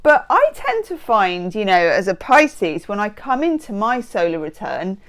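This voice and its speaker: A woman's voice: medium pitch, sing-song, a little slow. Bubbly woman reading tarot. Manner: bubbly, exclamatory and playful. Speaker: tarot reader. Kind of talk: tarot card reading to camera. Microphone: microphone close by.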